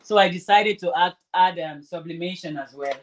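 A woman's voice: lowish voice, normal speed, background noise. A woman vlogger chatting casually while sewing, rambling and restarting her sentences. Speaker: crafter vlogger.

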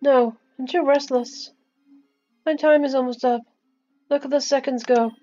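Lady doing a weak dying girl, higher pitched, slow and sad, kinda dull lo-fi sound, faint game music. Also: steady tone, dark tone. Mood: forlorn. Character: frail dying young girl.

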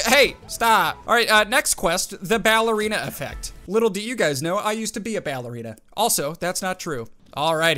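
A young man commentating a video game playthrough in an excitable, exclaiming way, often laughing. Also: high-pitched. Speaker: gaming video host. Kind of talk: let's play commentary.

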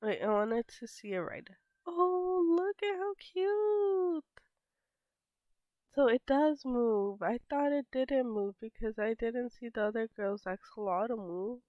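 A woman in her twenties with a sick, stuffy voice, chatting softly over gameplay and trailing into whispers. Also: a little high, measured pace, few pauses, no echo. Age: 20s. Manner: soft-spoken, drifting into whispers. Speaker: gaming YouTuber. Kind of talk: casual gameplay commentary. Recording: slightly dull lo-fi mic.

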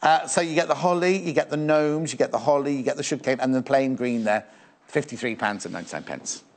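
Here a middle-aged man from England hosts live shopping TV, his fast, medium-pitched delivery playful yet marked by frequent false starts as he chats through the sales pitch.

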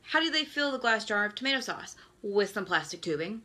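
A woman's voice: mid-range voice, sing-song, a little fast, bright, forceful tone. A woman in her thirties hosting a live stream, talking in a ranting, exasperated way about everyday hazards. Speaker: host. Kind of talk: Facebook Live talk.

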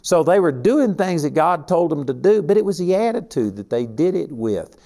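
A man's voice: a little high, very animated, normal speed, dark tone. An older man from Texas with a Texan accent, teaching a sermon in a folksy, conversational way with emphatic stresses. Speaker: Bible teacher.

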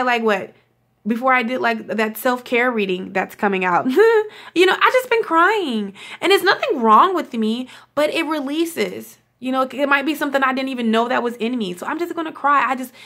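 Young woman, spiritual vlogger, casual and gushing, slightly higher voice. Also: sharp tone. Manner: effusive, swears casually, laughs often. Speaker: spiritual reading channel host.

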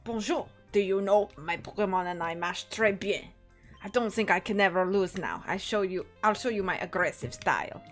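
A woman's voice: mid-range voice, lively intonation, normal speed, faint music behind, lightly acted. A woman voicing a cocky male game trainer, with a put-on French accent and a boastful manner.

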